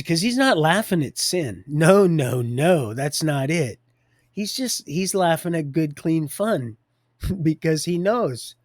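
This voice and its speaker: A man's voice: fairly high pitch, darkish tone, dry recording, studio quality. A man hosting a live stream, telling a faith story in a rambling way, often laughing mid-sentence and repeating his words.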